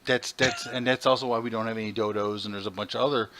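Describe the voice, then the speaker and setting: Bright-voiced, profane man chatting. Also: on the low side, fast. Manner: animated, profane storyteller. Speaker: podcast co-host. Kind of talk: casual podcast chat.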